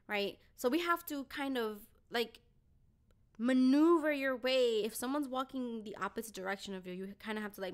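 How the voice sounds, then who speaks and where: A young woman with a high voice tells a story on a casual podcast. She swears freely and slips into the voices of the people she describes. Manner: animated, swears a lot, acts out the people in her story. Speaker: podcast host.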